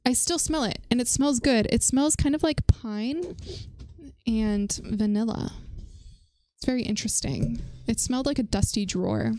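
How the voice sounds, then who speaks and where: A woman's voice: fairly high pitch, expressive, moderate pace, dark tone, a little hiss or hum. A woman hosting a casual livestream chat, answering chat messages and laughing often as she talks. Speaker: livestream host.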